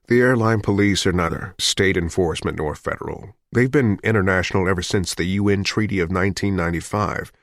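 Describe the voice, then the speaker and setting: A man voicing a wounded, calculating fugitive in an audiobook, quiet and clipped. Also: sits low, fairly quick, few pauses, no echo, clean studio sound. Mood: tense. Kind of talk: audiobook character voice.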